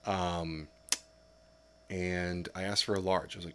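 Deep voiced guy on a podcast, blunt, swears a lot, laughs easy. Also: steady tone, a little slow, long pauses, bright, forceful tone, slight background noise. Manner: blunt, profane, laughs often. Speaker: podcast guest. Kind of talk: casual chat.

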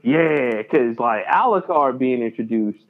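A man co-hosting a podcast in casual chat, animated and excitable, acting out his reactions. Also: medium pitch, measured pace. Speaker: podcast co-host. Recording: tinny phone-like line.

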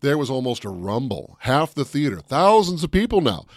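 A man co-hosting a casual talk show, spinning animated stories and throwing in loud quoted voices. His voice sits at an ordinary pitch. The sound is dry and close, with no room around it. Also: moderate pace, no room sound. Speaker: co-host. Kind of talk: casual chat.

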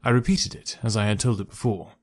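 A man narrating a first-person story for an audiobook in a measured, even way. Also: on the low side.

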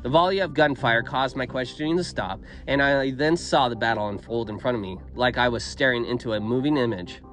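A man narrating a first-person audio story in a steady, measured reading voice. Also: medium pitch, soft background music.

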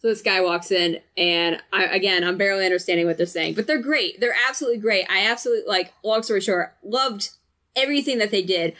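Woman, casual chat, profane and animated storyteller, mid-range voice. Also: mid-range voice, fast talker.

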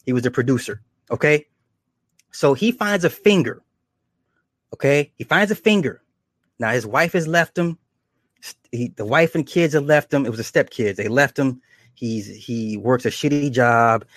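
A man casually retelling horror episodes, slipping into quick acted quotes and chuckles. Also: mid-range voice, fairly bright tone, no room sound, clean studio sound. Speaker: show reviewer.

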